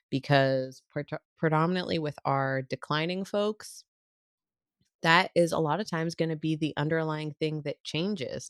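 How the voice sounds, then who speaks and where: Low-pitched gravelly woman podcaster. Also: no echo, clean studio sound. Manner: playful, explains clinical terms plainly. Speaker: podcast co-host, speech-language pathologist. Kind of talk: casual podcast chat.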